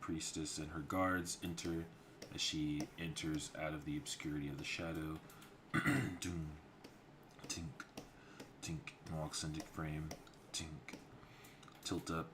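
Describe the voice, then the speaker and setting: A man's voice: very deep voice, level tone, slow pace, long pauses, background noise. A man streaming his storyboard work, rambling casually as he talks through scene ideas. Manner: loose and rambling, lots of fillers. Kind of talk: casual livestream narration. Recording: clear keyboard typing behind.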